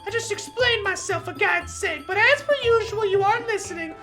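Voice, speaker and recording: Woman doing a high, snappy, hot-tempered teen girl for a visual novel read-along, faint music behind. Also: moderate pace. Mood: indignant. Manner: shrill, indignant and snappy.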